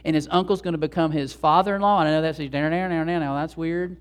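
A man preaching a sermon, conversational and animated, talking straight to the congregation. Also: fairly high pitch, fast talker. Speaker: pastor.

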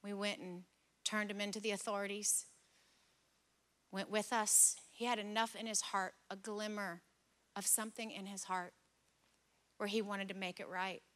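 Animated, bright-voiced woman pastor preaching. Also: medium pitch, normal speed, long pauses. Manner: animated, acts out dialogue in stories. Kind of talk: sermon with personal storytelling. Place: church service.

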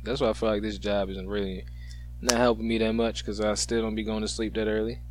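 A man's voice: on the low side, little pitch movement, fairly quick, slight background noise. A man co-hosting a podcast, laid-back and joking, with lots of slang and easy laughter. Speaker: podcast co-host. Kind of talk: casual chat.

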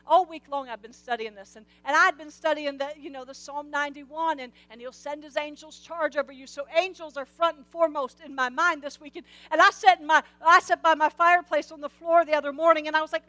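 A woman preaching a sermon in a lively, humorous way, often repeating words as she starts a thought. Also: high voice, fairly quick, no echo.

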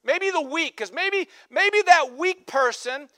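A male pastor preaching a sermon, peppering his talk with "amen" and "come on" and rising to shouted emphasis. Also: very high-pitched, expressive, slow pace, no room sound, clean studio sound. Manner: call-and-response exhortations, repeated "amen" and "come on".

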